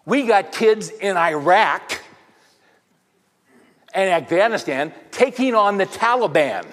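Higher-voiced man telling sermon stories. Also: expressive, takes it slowly, fairly bright tone. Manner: rambling anecdotes with rhetorical questions to the audience. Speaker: speaker addressing a men's audience. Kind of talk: conversational sermon storytelling. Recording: reverberant hall.

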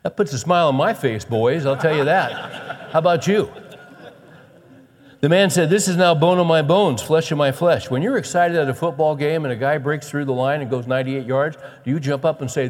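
A man preaching a sermon as pastor, folksy and animated, with soft chuckles. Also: a little high, brisk, big-room sound.

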